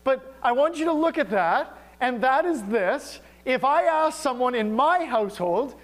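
Middle-aged man, very high voice, pastor preaching with humor and little acted-out exchanges. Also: a little slow. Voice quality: animated, humorous storytelling with acted-out dialogue. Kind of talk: sermon.

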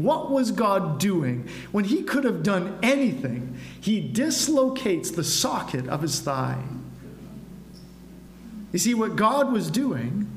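A man preaching a sermon to a congregation, throwing rhetorical questions at his listeners. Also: sits high. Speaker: pastor. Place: church sanctuary. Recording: echoey room with faint hum.

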